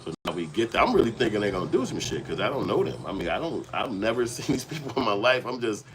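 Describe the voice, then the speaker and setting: Male host from Chicago's South Side, very low voice, loose profane storytelling, faint background hiss. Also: big pitch swings, fast talker, poor audio. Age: adult, past young adulthood. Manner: rambling, profane, street-casual. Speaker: channel host. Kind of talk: casual storytelling commentary.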